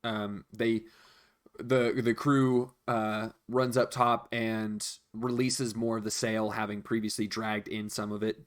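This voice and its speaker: A man narrating as game master of a tabletop game, relaxed, with many pauses and ums. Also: fairly low pitch.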